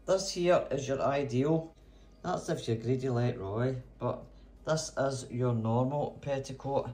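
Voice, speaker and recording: A man's voice: medium pitch, darkish tone. A man chatting casually in his home kitchen as a cooking vlogger, theatrical and full of cheery exclamations.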